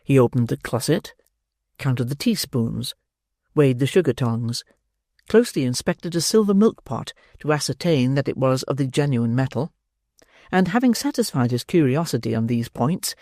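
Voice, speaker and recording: An audiobook narrator reading a classic novel in a measured, expressive storytelling manner. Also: medium pitch, no echo. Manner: measured, expressive storytelling with dry wry emphasis.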